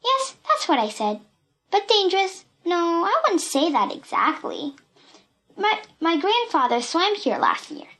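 A woman voicing a cheeky red-haired girl who tells tall tales in a shrill, playful voice in a storybook reading. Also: very animated, unhurried, pushed and bright, full character voice. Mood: fibbing. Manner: shrill, playful, fibbing with a straight face.

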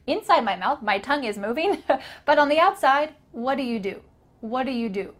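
A young American woman teaching English pronunciation, calmly modeling phrases in slow repeated drills. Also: high-pitched. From North America. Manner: slow drilled repetitions, light laughs. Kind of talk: spoken English lesson.

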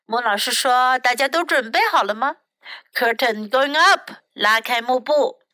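Woman teacher, high and bright, slow expressive storybook read-aloud for kids; dry close mic. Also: dry recording. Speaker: English teacher reading aloud. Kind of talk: bilingual storybook reading for children.

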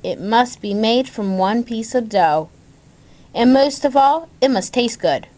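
A stern duke roars his commands in a storybook read-aloud, voiced by a woman. The voice sits high and moves slowly and deliberately. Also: a little mellow, natural voice. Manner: roaring, stern. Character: angry, commanding male duke.

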